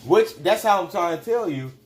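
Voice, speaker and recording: A man's voice: high voice, noisy background. Rambling, profane man chatting on a livestream. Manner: loose, rambling, profane storytelling. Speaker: livestream host and spiritual teacher. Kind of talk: casual livestream talk.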